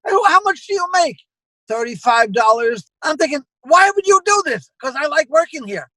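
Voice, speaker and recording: Man, high bright voice, dry close sound, animated club-owner storyteller. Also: moderate pace, no room sound, rough recording. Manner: animated storyteller acting out quoted exchanges. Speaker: comedy club owner, guest. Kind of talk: casual anecdote telling.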